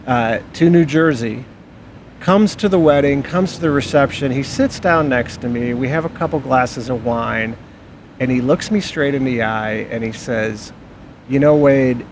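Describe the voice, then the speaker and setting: A man with a gravelly, fry-laden voice tells a sincere story, circling back to repeat himself for emphasis. A faint hiss runs underneath. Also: medium pitch. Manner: earnest, repetitive. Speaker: podcast co-host. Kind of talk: casual storytelling chat.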